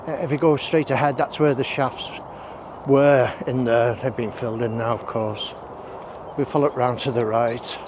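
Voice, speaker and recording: A man's voice: mid-range voice, fairly even intonation, normal speed, background noise. A man chatting casually while walking outdoors, breathing heavily between rambling asides. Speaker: walking vlogger. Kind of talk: casual walk-and-talk narration. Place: outdoors on roads and country paths.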